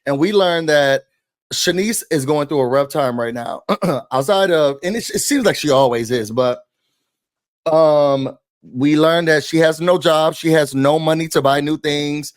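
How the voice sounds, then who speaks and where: A man's voice: fairly high pitch, measured pace, no room sound, clean studio sound. A man recapping and ranting about a reality show in a chatty, opinionated way, full of slang and fillers. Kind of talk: casual recap and rant.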